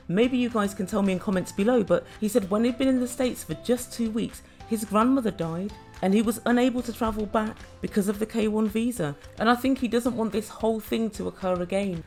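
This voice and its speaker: A woman with a fairly high voice recaps a reality show in a chatty, judgmental way, speaking directly to her viewers. Soft music plays quietly behind her. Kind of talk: opinionated recap commentary.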